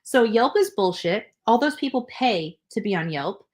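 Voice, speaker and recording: A young adult woman co-hosting a podcast, rambling through stories in a loose, chatty way. She swears freely and drops in quick laughing asides, her voice sitting at an ordinary middle pitch. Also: animated, darkish tone. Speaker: podcast co-host. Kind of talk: casual chat.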